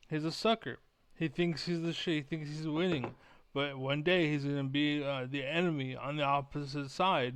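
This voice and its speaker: A man's voice: a little high, clean tone, no room sound. A young man ranting profanely to camera as a gaming vlogger, repeating himself as he vents. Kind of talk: angry rant to camera.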